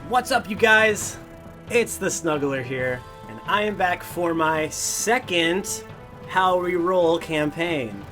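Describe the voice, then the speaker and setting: A man's voice: fairly high pitch, takes it slowly, over loud music. A man and tabletop game player giving a chatty, joking show outro.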